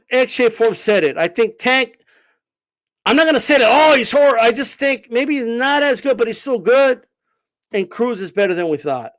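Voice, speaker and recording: A man hosting a boxing show, ranting brashly and profanely in a casual livestream style. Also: high-pitched. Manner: brash, profane, mocks commenters in put-on voices. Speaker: boxing channel host. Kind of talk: animated livestream rant.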